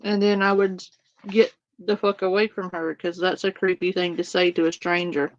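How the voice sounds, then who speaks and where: A woman's voice: on the low side, little pitch movement, moderate pace, dry recording, dull audio. A woman streamer giving casual reaction commentary to a clip, incredulous and swearing freely as she mimics what others said.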